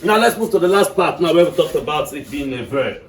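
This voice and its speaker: A man's voice: on the high side, lively intonation, brisk. A male teacher giving an English lesson to a class, often checking that his students are following. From Nigeria. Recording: echoey room, mic far off.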